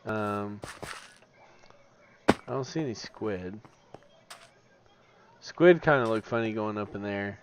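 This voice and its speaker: A sleepy, yawning man streaming a game, mostly mumbling quietly to himself as he plays, with sudden loud laughing bursts. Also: on the low side, slow, pauses often. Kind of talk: casual gameplay commentary. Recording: dull lo-fi stream audio, faint noise.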